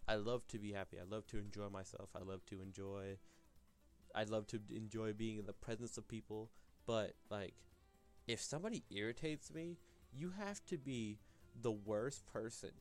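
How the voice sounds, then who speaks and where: A man's voice: on the low side, normal speed, darkish tone, soft background music. A young man talking alone on his podcast, rambling and restarting his sentences, full of filler words. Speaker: podcast host. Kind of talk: solo podcast monologue.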